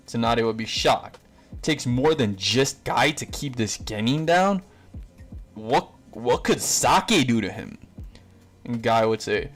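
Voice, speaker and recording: A man's voice: medium pitch, expressive, slow pace, soft background music. A man narrating a fan-made story in a casual, rambling way, with fillers and self-corrections.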